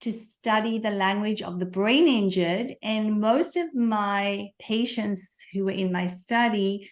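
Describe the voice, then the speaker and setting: A middle-aged woman speaks with a softened South African accent in a podcast interview. She is articulate and measured, explaining her story calmly at an ordinary pitch. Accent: South African, softened by years in Canada. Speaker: author and guest. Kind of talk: interview conversation. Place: remote call from home.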